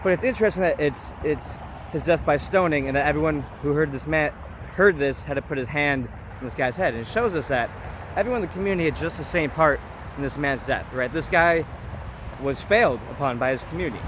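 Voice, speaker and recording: A man's voice: a little high, fairly quick. A young man in his twenties, talking casually about scripture in a chatty, informal way that keeps checking in with the listener. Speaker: vlogger. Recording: street traffic noise behind.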